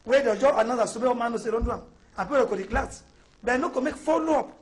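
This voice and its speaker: A man with a very high voice speaks Cameroonian Pidgin English as a panelist in a heated studio debate. He sounds indignant and his delivery is halting.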